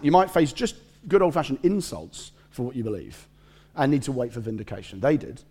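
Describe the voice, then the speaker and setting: A man preaching a sermon, reading scripture aloud and breaking off for joking asides and stories. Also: mid-range voice. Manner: animated, joking asides and storytelling.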